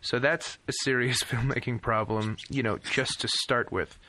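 A man's voice: medium pitch, fairly even intonation, normal speed, bright, forceful tone. A man co-hosting a casual podcast, talking in a dry, sardonic way. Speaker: podcast co-host. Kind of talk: casual chat, reading film credits.

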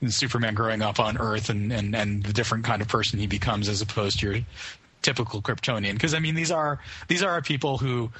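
A man holding forth in a casual movie-review conversation, blunt, opinionated and full of swearing. His voice is bright with a husky edge. The sound is dry and close. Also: lowish voice, a little fast, no room sound. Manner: opinionated, profane ranting.

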